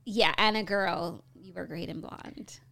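A woman's voice: fairly low pitch, fairly even intonation, fairly bright tone. Chatty woman co-hosting a pop culture podcast. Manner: chatty, playful, quick asides. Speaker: podcast co-host. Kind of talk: casual pop culture chat.

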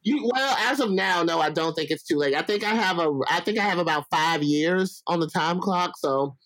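A man's voice: a little high, normal speed, fairly bright tone, no echo, rough recording. A man from Alabama, a guest in a casual interview, talking in a playful, profane, rambling way.

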